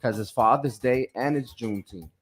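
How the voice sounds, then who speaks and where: A man's voice: medium pitch, moderate pace, soft background music. A man co-hosting a morning radio show, teasing and laughing with his co-hosts. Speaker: radio co-host. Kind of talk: casual radio banter.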